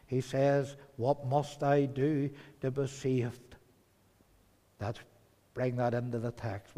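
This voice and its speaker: Preacher with a big hall echo. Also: male voice, medium pitch. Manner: swings from loud urgent pleading to soft hushed tones. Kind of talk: sermon. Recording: long hall reverb.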